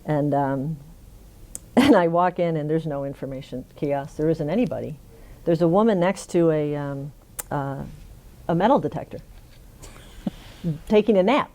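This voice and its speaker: Woman, middle-aged, oral history interviewee, animated storyteller, laughs often. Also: low voice, measured pace, pauses often. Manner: animated anecdote-telling with frequent laughs. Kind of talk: conversational storytelling.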